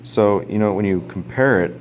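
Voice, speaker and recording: Low-voiced man for a relaxed gadget review vlog, rambly, stops and restarts a lot, quick to chuckle. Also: a little hiss or hum. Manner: rambling, full of fillers and restarts, chuckles often. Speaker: product reviewer.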